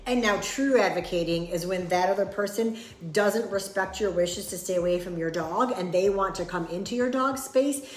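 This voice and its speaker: A woman's voice: mid-range voice, a little mellow, reverberant. A woman dog trainer giving earnest, plain-spoken advice and acting out sample replies. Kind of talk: instructional talk to camera.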